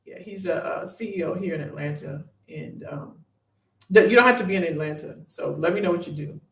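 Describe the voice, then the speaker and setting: A woman's voice: low-pitched, a little fast, echoey room. A woman hosting a live career-advice question and answer stream, talking casually and encouragingly to her viewers. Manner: lively, encouraging, talks to the audience as "y'all".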